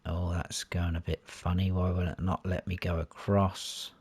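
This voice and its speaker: Gaming channel host, man, very low unhurried voice, dry close recording, lists menu options one by one. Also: flat delivery, a little mellow, breathy edge, no echo. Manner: listing options one by one while clicking through menus. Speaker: gaming YouTuber. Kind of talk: console gameplay walkthrough.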